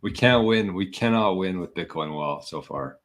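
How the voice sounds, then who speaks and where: A man's voice: deep voice, lively intonation, normal speed, a bit bright. A man hosting a live podcast stream, chatting casually and scattered, a little out of breath and poking fun at himself. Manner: scattered, self-mocking, talking to viewers. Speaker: podcast host.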